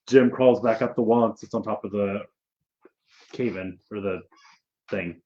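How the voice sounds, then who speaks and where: A man's voice: fairly low pitch, steady tone, a little slow, long pauses, muffled recording. A man running a tabletop game as game master, narrating loosely with swearing and restarts.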